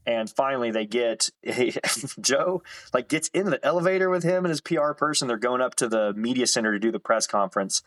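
A man in his thirties, a photographer guest, telling animated stories in casual conversation with the odd swear word. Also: medium pitch, brisk, dry recording, poor audio. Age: 30s. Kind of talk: casual storytelling interview.

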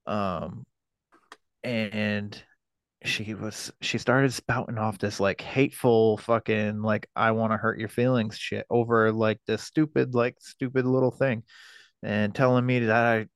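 A man in his thirties, a podcast guest telling a personal story in a halting, profane way, with many fillers and restarts. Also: fairly low pitch, steady tone, smooth, no room sound.

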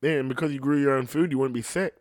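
A man's voice: medium pitch, fairly even intonation, fast talker, dry recording. Guy ranting and swearing nonstop, rambly podcast talk, dry close mic. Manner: ranting, profane, rambling with frequent "you know what I mean". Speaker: podcast host. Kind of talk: profane casual monologue.

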